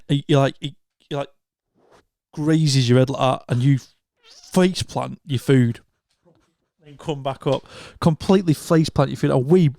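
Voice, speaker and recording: A man's voice: mid-range voice, gravelly, no echo, clean studio sound. A man, co-hosting a podcast, telling a long drinking anecdote in casual chat, swearing freely and acting out quotes. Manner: animated storyteller, swears freely, acts out quotes. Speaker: podcast co-host.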